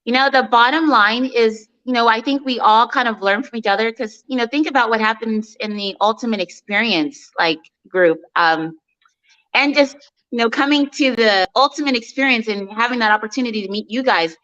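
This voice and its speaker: A woman guest in casual chat, talking warmly with many fillers and restarts and frequent laughs. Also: on the high side, normal speed, highs cut off.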